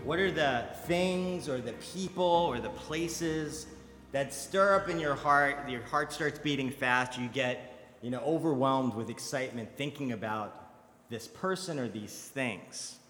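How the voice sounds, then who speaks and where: Young male pastor, casual storytelling sermon, bright tone, echoing church hall. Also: medium pitch, a little slow, soft background music. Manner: conversational storytelling, animated when quoting others.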